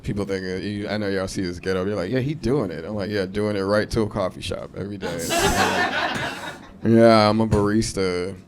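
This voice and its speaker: A man in his thirties doing a stand-up set, brash and profane, jumping into shrill high voices for punchlines. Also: moderate pace, background noise. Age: 30s. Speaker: stand-up comedian. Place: comedy club stage. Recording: live club crowd laughter. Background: audience laughing.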